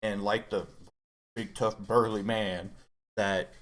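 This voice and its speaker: A middle-aged man with a voice sitting a little on the low side tells a personal story in casual conversation. He speaks earnestly and haltingly, restarting phrases as he opens up about hard feelings. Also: flat delivery, fairly bright tone. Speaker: co-host guest dad.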